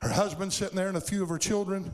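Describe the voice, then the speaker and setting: A man preaches a sermon in a slightly high voice. He tells stories at a steady pace and then builds to fervent calls from the pulpit. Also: fast talker. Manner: storytelling, building to fervent exhortation.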